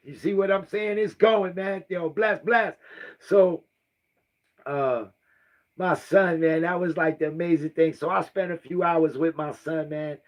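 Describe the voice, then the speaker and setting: Slightly high-voiced man in his fifties. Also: moderate pace, lo-fi sound. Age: 50s. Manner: rambling and repetitive, often asks "right?" and sighs. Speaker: vlogger. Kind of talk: emotional personal storytelling.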